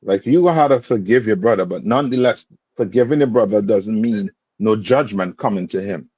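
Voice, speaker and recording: A man's voice: fairly low pitch, fairly quick, warm tone, slightly rough, dry recording. Male religious teacher, streetwise and repetitive, in a dull, dry recording. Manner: repetitive questioning, streetwise phrasing. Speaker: class teacher.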